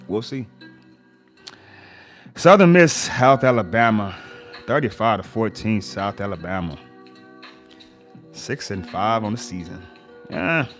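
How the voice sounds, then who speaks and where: A relaxed man hosting a casual livestream, working through one score after another and tossing in quick slangy reactions. His voice sits fairly low, and soft music plays faintly underneath. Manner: laid-back, reacts to scores with slang asides. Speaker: sports livestream host.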